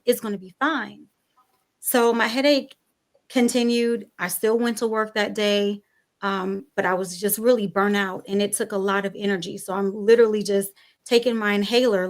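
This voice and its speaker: Young adult woman, panel guest, animated storyteller, voices the people she quotes. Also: mid-range voice. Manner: animated storyteller, acts out dialogue. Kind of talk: personal story on a talk show panel.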